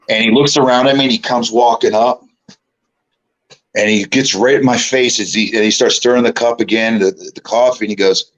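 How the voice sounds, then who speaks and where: Speaking at normal speed in a medium pitch with long pauses, a middle-aged ex-wrestler guest on an interview show tells a long story, laughing and acting out other people's lines animatedly. The recording is rough.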